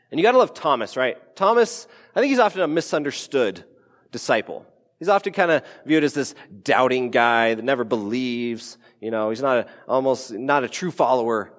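A man preaching a sermon as a pastor in a casual, conversational way, with playful asides and acted-out quotes. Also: medium pitch. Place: church sanctuary. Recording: church hall with long reverb.

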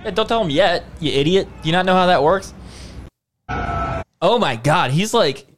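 A man casually chatting and reacting to online videos with a co-host, blunt and quick to swear. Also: high-pitched, expressive, noisy background.

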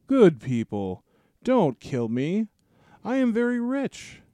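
A man's voice: high-pitched, huge pitch swings, slow pace, dark tone, no room sound, pitched above the performer's own voice, exaggerated voice. A man voicing a cowardly male dragon who begs and haggles for his life, in an anxious, wheedling way, during a dramatic reading of a story. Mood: pleading, wheedling. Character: cowardly bargaining male dragon, rich and pleading.

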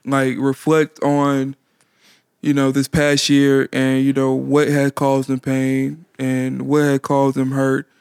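A man co-hosting a podcast, speaking reflectively with many pauses and fillers. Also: medium pitch, completely flat delivery, vocal fry, darkish tone, smooth, dry recording, clean studio sound. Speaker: podcast co-host. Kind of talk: casual podcast talk.

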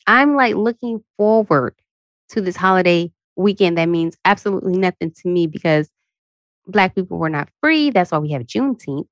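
A woman hosting her own podcast, venting candidly about being tired and worn out. She jumps up into high, animated asides when she quotes herself. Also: moderate pace, no room sound. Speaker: podcast host. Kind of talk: casual solo podcast rant.

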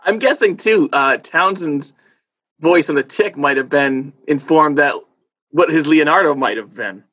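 Husky man asking curious questions. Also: fairly high pitch, measured pace, a bit bright. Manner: curious, chatty, many likes. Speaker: interviewer host. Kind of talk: casual interview questions.

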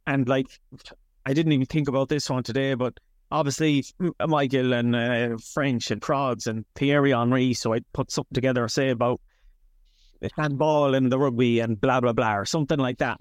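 An Irish man in his thirties, a comedian chatting as an interview guest in a rambling, animated way that swears freely. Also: mid-range voice, moderate pace, no room sound, studio quality. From Ireland. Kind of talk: casual interview chat.

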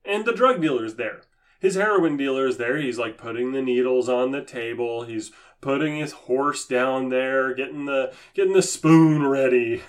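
A man's voice: mid-range voice, moderate pace. A man giving impassioned religious commentary, sarcastic and emphatic in a preachy manner. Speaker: Christian commentator.

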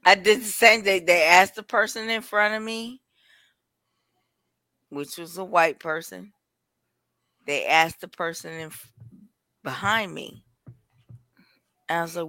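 Blunt, slow-talking woman with a bright voice. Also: on the low side, no echo. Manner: blunt and animated, swears freely, repeats phrases. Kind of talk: candid casual chat.

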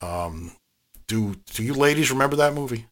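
A man's voice: medium pitch, animated, normal speed. A man hosting a podcast, chatting casually, laughing easily and leading with questions. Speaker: podcast host. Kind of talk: casual chat.

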